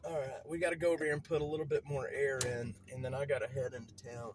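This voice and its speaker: A man's voice: mid-range voice, flat delivery, quick pace, slight background noise, low-quality recording. Shivering man live-streaming outdoors. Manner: rambling, laughs often, talks to chat. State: shivering from cold. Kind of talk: casual live-stream narration. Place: outdoors in a cemetery. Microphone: phone held in hand.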